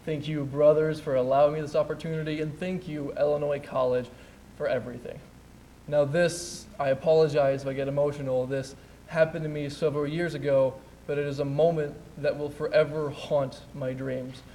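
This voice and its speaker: A young man, a student, performing an emotional spoken word poem on a theatre stage, building to loud, intense peaks. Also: fairly high pitch, flat delivery, moderate pace, slight background noise, low-quality recording. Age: young adult. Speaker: student speaker.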